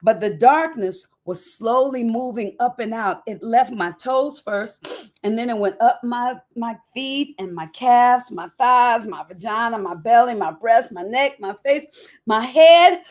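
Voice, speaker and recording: A woman reading aloud from her own memoir, emotional and expressive, shifting from hushed to loud and talking to listeners in folksy asides. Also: on the high side, unhurried. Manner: emotional, dramatic swings from quiet to loud.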